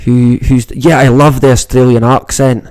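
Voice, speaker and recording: With a medium pitch, little pitch movement, and a slightly mellow sound, this man talks at a moderate pace without echo. He hosts a relaxed livestream in a northeast Scottish Moray accent, rambling and swearing constantly.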